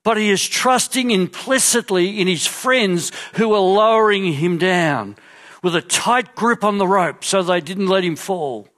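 Preacher, male, high-pitched, storytelling sermon delivery with hushed asides. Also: a little slow. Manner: storytelling, acting out the crowd and drops to quiet asides. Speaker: pastor.

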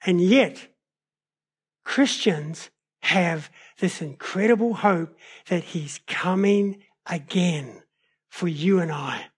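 A man preaches a sermon in a notably high voice. He tells stories in an animated way, shifting his pace and loudness as he goes. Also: slow, breathy edge. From New Zealand. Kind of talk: sermon with personal storytelling.

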